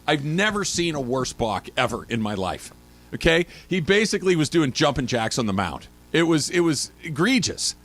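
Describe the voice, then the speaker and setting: Animated middle-aged man telling stories. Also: a little high, normal speed. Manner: animated storytelling, mimics shouts. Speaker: radio host. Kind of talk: sports talk radio chat.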